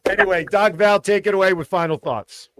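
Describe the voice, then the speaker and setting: A man's voice: sits high, a little fast, a bit bright. A man hosting a casual radio show, telling dad jokes and repeating each setup twice.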